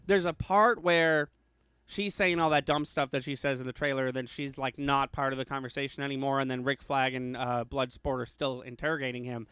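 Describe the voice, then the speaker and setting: A man's voice: medium pitch, steady tone, brisk, a bit bright, smooth, no room sound. A man co-hosting a podcast, chatting casually about a movie and rambling with many restarts and fillers. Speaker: podcast co-host.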